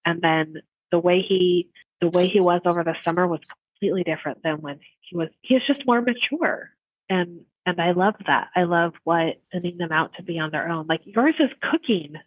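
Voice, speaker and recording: A middle-aged woman co-hosting a casual podcast chat, telling lively stories and laughing often. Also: lowish voice, a little fast, no room sound, narrow, tinny audio. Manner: animated storyteller, laughs often. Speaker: podcast co-host.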